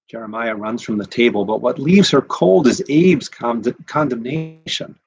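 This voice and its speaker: A rabbi reading a short story aloud in a measured, expressive way. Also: male voice, mid-range voice, slightly rough, muffled recording. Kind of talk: scripted narration of a short story.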